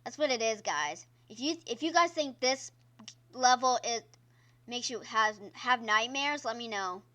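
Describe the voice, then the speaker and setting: Slow-talking bright-voiced woman streamer. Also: fairly high pitch, lively intonation. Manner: chatty, exclaims at the game, talks to viewers. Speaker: gaming streamer. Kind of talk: casual gameplay commentary. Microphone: own microphone.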